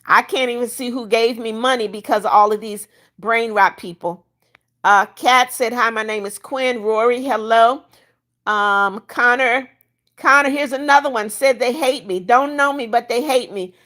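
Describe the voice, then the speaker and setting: An older livestream host reads her chat aloud in a casual stream, bluntly ejecting troublemakers. She speaks at normal speed in a slightly high, somewhat bright voice.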